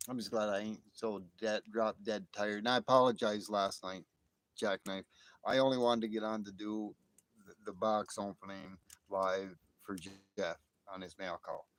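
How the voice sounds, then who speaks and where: A man's voice: on the low side, normal speed, dry recording. A man hosting a casual livestream outdoors by a fire at night, phone in hand, talking in a rambling, exclamatory way with his viewers. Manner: rambling, exclamatory, easily excited. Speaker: livestream host. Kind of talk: casual live chat with viewers.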